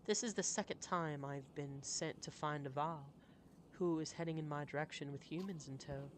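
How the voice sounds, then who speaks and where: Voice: medium pitch, normal speed, slight background noise, lightly acted. A streamer voicing a weary, exasperated warrior messenger in a put-on Southern US accent over game music. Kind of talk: voicing game dialogue live.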